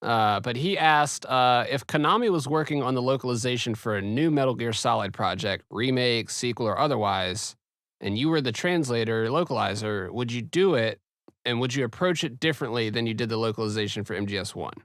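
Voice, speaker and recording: A man hosting a casual podcast, laid-back and quick to laugh, with filler "uh"s as he reads out a listener question. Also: medium pitch, lively intonation, a bit bright, no room sound, clean studio sound. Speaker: podcast host.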